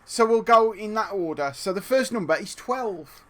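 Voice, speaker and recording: A man's voice: high-pitched, expressive, moderate pace, a crowd in the background. A man co-hosting a live stream, reading out chat messages and rambling in a self-deprecating way. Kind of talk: casual livestream chat.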